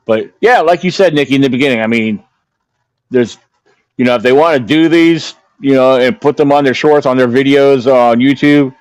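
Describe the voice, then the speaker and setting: Rambling on a podcast, a male co-host chats casually, full of fillers and false starts. He speaks at a moderate pace in a mid-range voice, and the mic is dry with no room sound.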